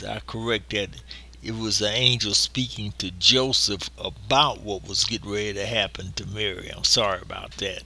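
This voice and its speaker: A man preaching a sermon, slow and deliberate, leaning on emphatic pauses. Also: fairly low pitch, fairly even intonation, sharp tone.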